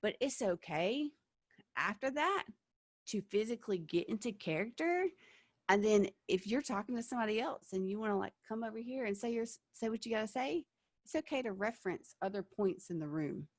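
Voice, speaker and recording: A woman teaching an online acting workshop, lively and animated, checking in with her listeners by asking "okay?" and "yeah?". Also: medium pitch, brisk, no echo.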